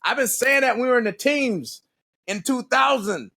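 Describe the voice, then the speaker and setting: A man in his forties, a podcast guest and former Navy SEAL, telling stories in a casual, profane, animated way and laughing often. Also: extremely high pitch, normal speed, vocal fry. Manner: profane, animated, laughs a lot, does voices.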